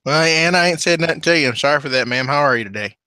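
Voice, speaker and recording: A man's voice: on the high side, lively intonation, fast, bright, forceful tone, clear, resonant tone, dry recording, studio quality. A man voicing a blunt, chatty rural American character with a plain-spoken country drawl in a tabletop role-play. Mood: folksy.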